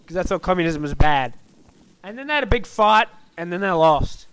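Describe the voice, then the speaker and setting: A man's voice: high-pitched, lively intonation, fairly quick, a bit bright, clean tone, poor audio. A young man giving a goofy, scatterbrained comedic monologue into a desk microphone, acting out silly voices. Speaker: comedic history narrator.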